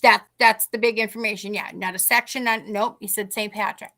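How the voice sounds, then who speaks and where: A woman's voice: mid-range voice, fairly even intonation, a little fast, bright, forceful tone. A middle-aged woman telling a ghost story on a podcast in casual talk, acting out the people she quotes. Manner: acts out quoted people in dialogue. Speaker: guest telling a paranormal story.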